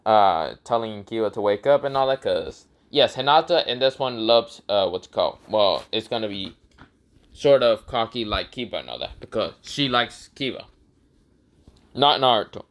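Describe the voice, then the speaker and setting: Rambling young man with a lively voice. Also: lowish voice, moderate pace. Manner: rambling, crude, full of fillers. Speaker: storyteller. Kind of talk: casual improvised story narration.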